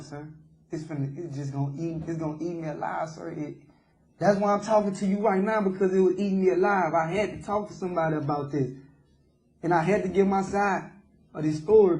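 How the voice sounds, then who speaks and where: A young man, a jailed suspect in a jailhouse interview, speaks remorsefully and keeps calling the interviewer "sir." His voice sits on the high side with a darkish tone, heard in a reverberant space with a little hiss or hum.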